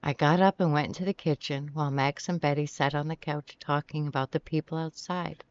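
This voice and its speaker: A narrator reading a first-person novel in a steady, even storytelling manner. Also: mid-range voice, brisk, smooth, no room sound. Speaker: audiobook narrator. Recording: dry, slightly muffled sound.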